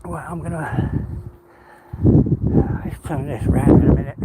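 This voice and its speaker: A man's voice: on the high side, fairly even intonation, unhurried. A man with an English accent rambling casually in a walk-and-talk vlog while out of breath, talking now and then to his dog. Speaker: vlogger. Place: outdoors on a walk. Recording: noisy outdoor phone recording.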